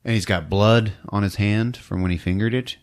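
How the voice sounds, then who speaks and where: A man's voice: on the low side, steady tone, moderate pace. A man hosting a podcast, recapping a movie in a casual, giggly storytelling way. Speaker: podcast host.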